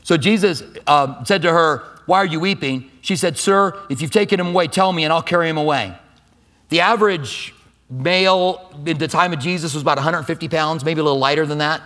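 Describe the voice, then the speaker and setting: A middle-aged male pastor tells a story in his sermon, swinging between loud, animated stretches and hushed, quiet ones. His voice is fairly high and his pace a little fast.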